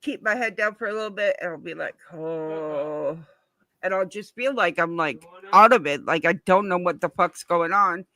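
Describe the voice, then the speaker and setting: A woman's voice: on the low side, brisk, few pauses, pushed and bright. A woman guest on a live stream, telling a rambling story casually and swearing now and then.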